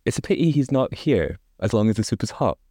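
A man's voice: sing-song, fairly quick, dark tone, no room sound. Man doing an anxious humble storybook father, a bit raised, dry sound. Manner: anxious, shrill at times. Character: worried humble father, a working goodman.

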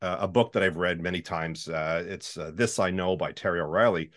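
Man speaking in a lowish voice. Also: brisk, fairly bright tone. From Canada. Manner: explanatory, with many fillers and restarts. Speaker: voiceover artist guest. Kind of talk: casual interview chat.

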